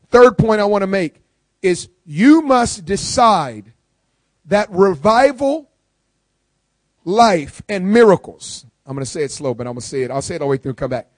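A man preaching to a live congregation in a notably high voice. He hammers points home by repeating them and swings between soft asides and forceful declarations. The sound is close and dry. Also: lively intonation, brisk, dry recording. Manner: emphatic, repeats key lines for stress. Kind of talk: sermon.

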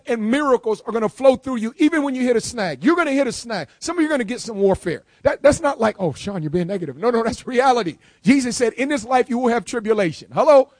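A male preacher delivering a live sermon to a congregation, emphatic and repeating key lines, moving between quiet asides and loud declarations. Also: extremely high pitch, dry recording.

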